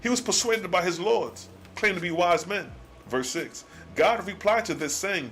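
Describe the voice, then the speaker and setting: A man hosting a live scripture study, reading archaic verses slowly and then explaining them in slangy casual talk. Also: sits high, fairly bright tone, soft background music. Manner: alternates slow archaic reading with slangy commentary.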